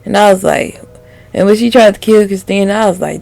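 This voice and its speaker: A woman's voice: medium pitch, a little fast, creaky, darkish tone, soft background music. A woman reviewing a TV episode to camera in a candid, heated, profane way, laughing often. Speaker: TV show reviewer. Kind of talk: casual video review.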